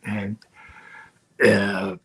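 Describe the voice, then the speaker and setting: A man's voice: on the low side, monotone, drawn-out words, a bit bright, slight background noise. An older man, a former wrestler, telling rambling anecdotes in casual podcast chat, often chuckling. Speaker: guest storyteller, former wrestler.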